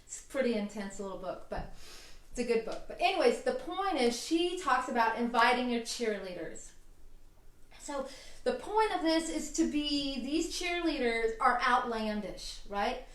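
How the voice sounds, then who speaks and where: A woman's voice: on the high side, lively intonation, moderate pace. A woman hosting a self-help vlog, giving casual, enthusiastic advice in a chatty manner. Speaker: herbalist vlog host. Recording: roomy, distant mic.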